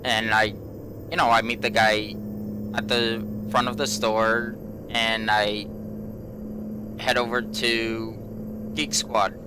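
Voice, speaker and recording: A man's voice: lowish voice, flat delivery, takes it slowly, pauses often, background noise. A man hosting a gaming channel, telling a long everyday story in a rambling way, repeating himself and filling gaps with "you know.". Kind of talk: casual storytelling vlog.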